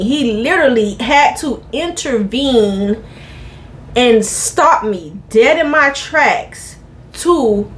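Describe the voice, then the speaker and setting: A woman's voice: fairly high pitch, fairly bright tone, slight background noise. A woman vlogger telling a personal story to her viewers in a casual, earnest, emphatic way.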